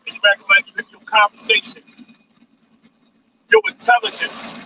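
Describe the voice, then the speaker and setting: High-voiced man in his forties preaching on a live stream. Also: very animated, moderate pace, creaky, bright, forceful tone. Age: 40s. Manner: preachy, repeats lines, says "man" a lot. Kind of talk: casual monologue on a live stream. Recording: dull, distant mic with faint noise.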